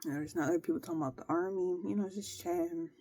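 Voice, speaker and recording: A woman's voice: on the low side, fast, no echo. Slangy young woman telling a story. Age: young adult. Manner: slangy, animated retelling with frequent "bro" and "like". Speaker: vlogger. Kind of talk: casual storytelling vlog.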